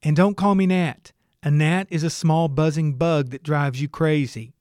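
A man putting on a sharp, curt woman. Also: fairly high pitch, fairly even intonation, normal speed, no echo, studio quality, natural voice. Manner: sharp, clipped retorts. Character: curt woman on the phone, girlfriend.

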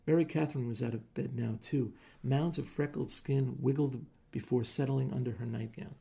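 A man reading a short story aloud in measured, plain narration. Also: mid-range voice, vocal fry, warm tone, breathy edge.

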